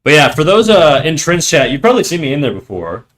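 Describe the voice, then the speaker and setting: Young Canadian streamer, easygoing, meandering talk at a desk mic. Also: male voice, a little high, fast talker. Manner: relaxed, rambling, lots of fillers and restarts. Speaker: streamer and artist. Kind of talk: casual livestream chat while drawing.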